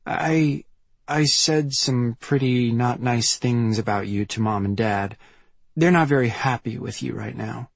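A man reading an audiobook, voicing a chatty, coaxing teenage girl in a soft, pitched-up voice. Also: measured pace, gravelly, no room sound. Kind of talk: audiobook dialogue.

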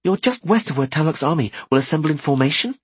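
A woman's voice: sits low, animated, fast talker, slightly rough, voice pushed up, full character voice. A man reading an audiobook, voicing a playful young woman wizard apprentice with a raised, teasing voice. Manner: bright, teasing. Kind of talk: audiobook character voice.

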